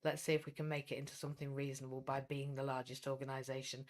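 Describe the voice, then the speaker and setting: A woman's voice: very deep voice, monotone, fast. Blunt, outspoken woman with a Welsh English lilt. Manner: blunt, outspoken, swears when fired up. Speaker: coaching business owner. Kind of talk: livestream talk.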